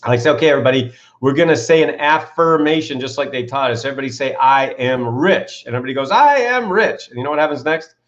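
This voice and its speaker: A man's voice: medium pitch, fast talker, few pauses, lo-fi sound. A man, an author and coach, telling stories with enthusiasm in an interview, leaning on rhetorical questions. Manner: enthusiastic, builds to excited peaks, asks rhetorical questions. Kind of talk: animated interview storytelling.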